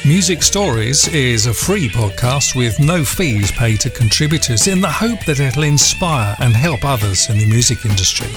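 A man with a mid-range voice hosts a podcast, thanking his guest politely. Clear music plays under his voice. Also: medium pitch, lively intonation, normal speed, hardly any pauses. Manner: polite, appreciative wrap-up. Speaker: podcast host. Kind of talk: interview host and outro.

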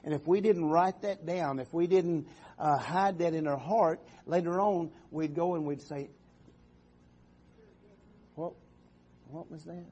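A man preaching a sermon in a church, halting and repeating words, often calling out for an amen. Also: on the high side, mellow, a little hiss or hum.

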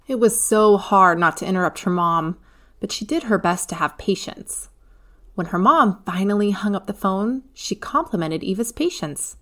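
A woman narrating a children's storybook in a clear, even reading voice. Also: mid-range voice, normal speed.

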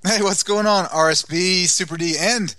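A cheerful man rambles and restarts his sentences while he searches for words. His voice is bright and a little high, and it sounds dry and close to the mic. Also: normal speed, no room sound. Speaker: guest co-host. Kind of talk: casual radio chat.

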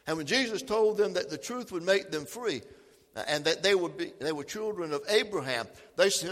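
Bright-voiced preacher in a reverberant hall. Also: male voice, a little high, lively intonation, brisk. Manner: preaching, reads scripture aloud with emphasis. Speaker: pastor. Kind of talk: sermon.

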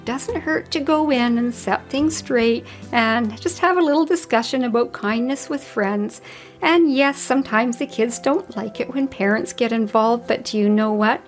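A woman hosting a podcast, telling stories from her childhood in an earnest, folksy way. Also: a little high. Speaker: podcast host. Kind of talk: personal reflective podcast talk.

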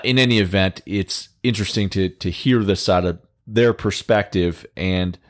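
A man's voice: low voice, fairly even intonation, moderate pace. A man giving casual news commentary as a political commentator, conversational with wry, sarcastic asides.

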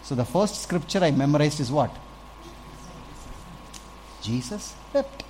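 A man preaching a sermon as pastor, animated, swinging from quiet stretches to loud bursts as he acts out little scenes. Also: on the high side, fast, a little hiss or hum, rough recording.

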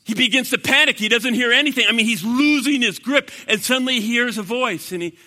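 A man preaching an evangelistic sermon to a live audience, swinging from loud bursts to hushed, earnest talk. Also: very high-pitched, a little fast. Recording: long reverb of a large hall.

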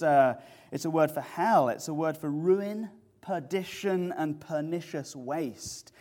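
A man preaching an expository sermon, lively and animated as he explains words and tells the story. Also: fairly high pitch.

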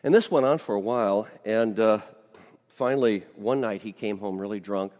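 A middle-aged man, a pastor, telling stories in a sermon, swinging between loud, lively lines and hushed ones. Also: fairly low pitch, normal speed. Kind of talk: storytelling sermon. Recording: long hall reverb.

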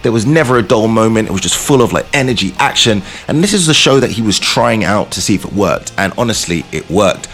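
A man's voice: lowish voice, fairly quick, few pauses, soft background music. A man hosting his show, telling playful comic stories in a casual monologue. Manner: animated, playful storytelling. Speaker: show host.

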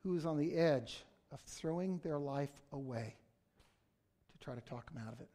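A middle-aged male pastor preaching a conversational sermon that breaks into sudden loud outbursts. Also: on the high side, normal speed.

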